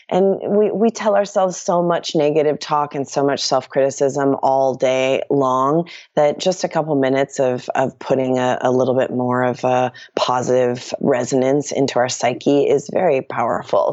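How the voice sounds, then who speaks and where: Low-pitched woman meditation teacher, calm measured guidance, dull lo-fi dry line. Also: dry recording. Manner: calm, measured instruction with repeated mantra. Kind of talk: guided breathing meditation and interview talk.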